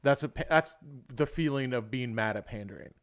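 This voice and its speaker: A young adult man rambling through a casual livestream chat at a mid-range pitch. He swears freely and keeps dropping "dude" into his sentences, in a loose, unscripted way. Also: brisk. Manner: rambling, swears often, says "dude" a lot. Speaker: livestream host.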